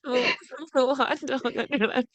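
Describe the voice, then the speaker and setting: A woman's voice: high-pitched, fairly even intonation, normal speed, a bit bright, no echo, lo-fi sound. A woman co-hosting a podcast in casual chat, gossiping bluntly with frequent cursing and laughing through her sentences. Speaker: podcast co-host.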